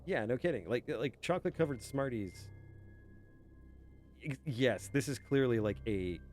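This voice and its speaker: Chatting with his stream audience while he games, this young man laughs frequently and wanders into goofy tangents. He sounds mid-range, animated and a little mellow, at a normal speed. Game music is faintly audible in the background.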